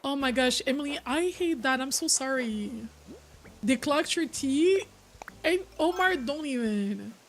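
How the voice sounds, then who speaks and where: A woman's voice: high voice, expressive, unhurried. Chatty woman streamer. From Quebec, Canada. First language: French. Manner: chatty, answers viewers' chat as she talks. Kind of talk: casual live-stream chat. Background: soft background music.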